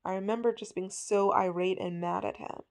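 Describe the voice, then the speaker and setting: A woman's voice: medium pitch, steady tone, normal speed, creaky, darkish tone. A woman hosting a podcast, telling a story in a casual, chatty way with lots of fillers. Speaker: podcast host.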